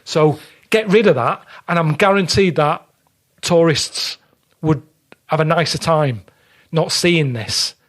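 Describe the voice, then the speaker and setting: A man's voice: on the high side, slow, pauses often, a bit bright. A man telling a story in a blunt, grumbling way, acting out the people in it, in casual chat. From England. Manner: blunt, grumbling storyteller, acts out quoted exchanges. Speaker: podcast guest.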